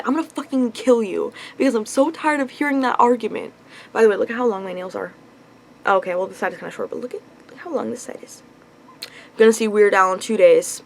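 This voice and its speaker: A young woman ranting in a casual vlog into her phone, rambling with lots of fillers and swearing, clearly frustrated. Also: on the high side, a little fast, rough recording. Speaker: vlogger. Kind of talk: casual confessional vlog rant.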